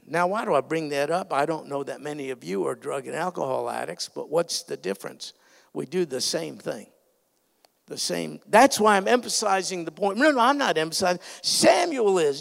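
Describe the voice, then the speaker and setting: High-pitched gravelly preacher man in a hall. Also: expressive, moderate pace. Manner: earnest, emphatic preaching with sudden loud swells. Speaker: pastor. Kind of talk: sermon. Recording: reverberant hall sound.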